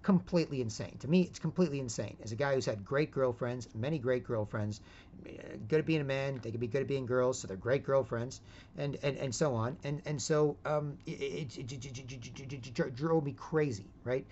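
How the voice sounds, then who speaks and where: A man's voice: mid-range voice, brisk, a little mellow, dull audio, a little hiss or hum. A man rambling in a casual monologue, repeating words and tagging his sentences with 'right?'. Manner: rambling, repeats words and asks 'right?' often, switches into put-on quotes. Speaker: vlogger.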